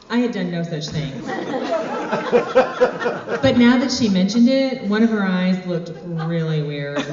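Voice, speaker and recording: A woman telling a comic personal story on stage with deadpan, wry asides. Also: fairly low pitch, normal speed. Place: stage in a hall. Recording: echoey hall, far from mic, dull.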